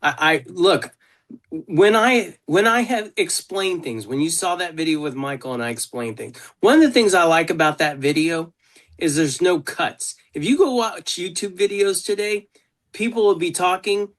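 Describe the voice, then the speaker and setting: Slightly high-voiced guy on a zoom call, blunt, swears a lot, tells stories. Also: expressive, normal speed, fairly bright tone. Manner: blunt storyteller, swears freely. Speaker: consultant host. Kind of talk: casual video call chat. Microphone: video call.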